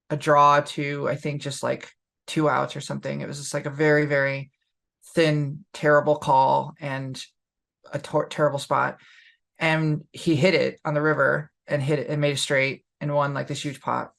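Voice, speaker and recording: A woman's voice: low-pitched, creaky, a bit bright. A young adult woman co-hosting a podcast, telling a story casually and candidly with many fillers. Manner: candid, lots of fillers, laughs while telling. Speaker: podcast co-host.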